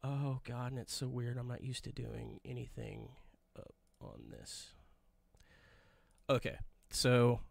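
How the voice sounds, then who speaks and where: A man's voice: medium pitch, fairly even intonation, slow pace, vocal fry, pauses often, darkish tone. A man hosting a live podcast, walking through his computer screen in a casual, rambling way and muttering asides to himself. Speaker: podcast host. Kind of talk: casual live-stream demo. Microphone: desk microphone.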